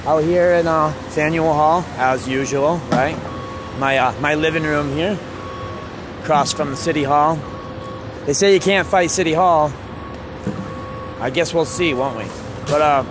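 A man's voice: fairly high pitch, background noise. A man vlogging outdoors in a city plaza, talking casually and acting out both sides of his arguments. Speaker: street musician vlogger. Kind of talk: casual outdoor vlog rant.

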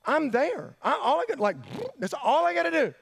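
A man telling a sermon story to students, animated, jumping between hushed asides and excited yelps. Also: extremely high pitch, normal speed, gravelly. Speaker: youth pastor. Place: church hall.

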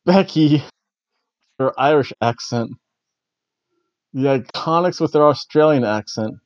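A man's voice: medium pitch, a little mellow, no echo. Chuckly man rambling on dull lo-fi audio. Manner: rambling, chuckling, slightly awkward. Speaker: podcast host. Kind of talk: casual wrestling recap.

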